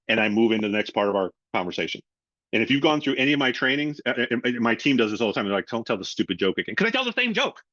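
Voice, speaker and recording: In an animated webinar, a middle-aged sales trainer coaches his audience by performing both the caller and the customer in his own voice. He speaks at a mid-range pitch, and the audio is dry, echo-free, a little dull and lo-fi.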